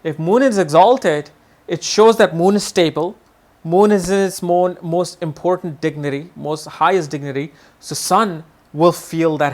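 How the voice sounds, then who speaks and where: A man teaching an astrology lesson in a lively way, often acting out what people say and repeating his words. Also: a little high, unhurried. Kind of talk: video lesson.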